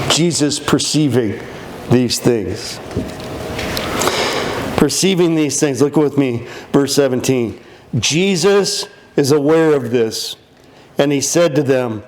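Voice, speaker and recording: A male pastor preaching a lively sermon, playful and animated, acting out the disciples in funny voices. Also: medium pitch, slow, pauses often, background noise.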